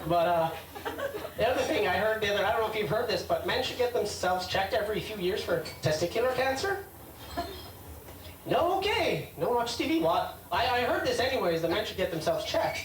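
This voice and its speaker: A male comic whose voice sits high, with big pitch swings, speaks fairly quickly in a rambling, hesitant stand-up set, responding to hecklers. The recording has a little hiss or hum and roomy club sound from a distant mic, with a loud crowd.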